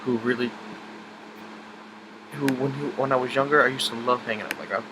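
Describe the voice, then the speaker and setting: Young man, personal story vlog, halting and emotional, middle pitch, noisy background with air-con hum. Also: fairly even intonation. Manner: halting, emotional, many restarts and fillers.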